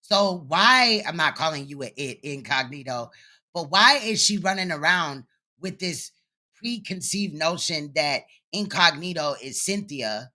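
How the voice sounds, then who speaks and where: A commentator with a bright, forceful voice talks over a replayed livestream. The delivery is blunt, sarcastic and profane, with pointed rhetorical questions. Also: medium pitch, expressive, a little slow. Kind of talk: reaction commentary on a livestream clip.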